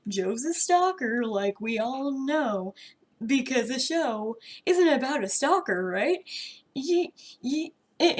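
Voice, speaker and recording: A young woman vlogger ranting about a TV episode, exasperated, sarcastic and full of swearing. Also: a little high. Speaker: reaction vlogger. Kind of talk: ranting reaction commentary.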